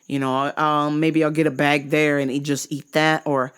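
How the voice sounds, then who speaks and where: On her own vlog, a woman with a deep, clean-toned voice rants about a travel mishap at a moderate pace. Exasperated and profane, she retells it animatedly, stretching out words for emphasis.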